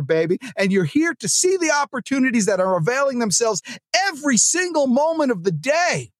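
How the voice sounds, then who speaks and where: A man hosting a sales podcast, giving an energetic, joking pep-talk monologue into a close mic. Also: high voice, no echo.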